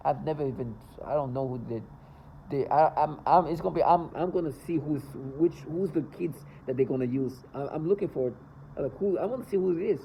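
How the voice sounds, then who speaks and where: A man with a gravelly, dark voice rambles on in a casual vlog monologue. He sounds agitated, stumbling and restarting his sentences. A faint hiss sits under his voice. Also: fairly high pitch, poor audio. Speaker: vlogger.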